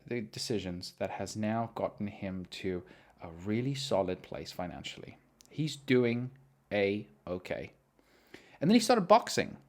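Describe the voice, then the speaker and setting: Male host, casual solo chat, rambling, swearing, self-mocking, very lively pitch.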